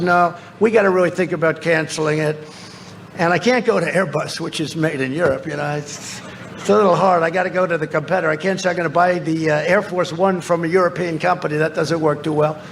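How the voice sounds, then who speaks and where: A man's voice: fairly high pitch, gravelly, slight background noise. A man giving a rally speech into a podium microphone, telling boastful, repetitive stories to a crowd. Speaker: politician speaking at a rally. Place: large rally venue.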